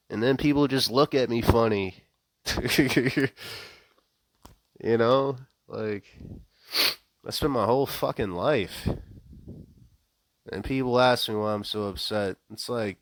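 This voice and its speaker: A man's voice: mid-range voice, slow pace, long pauses, dry recording. A young man in an unscripted rant, profane and rambling, with wry laughs and many fillers, speaking close to a microphone. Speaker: vlogger.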